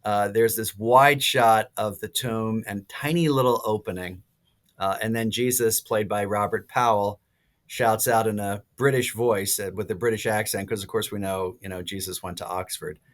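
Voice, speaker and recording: A priest in his sixties, a podcast guest, telling stories in a lively way with many fillers and restarts. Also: on the low side, moderate pace. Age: 60s. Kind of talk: casual podcast interview.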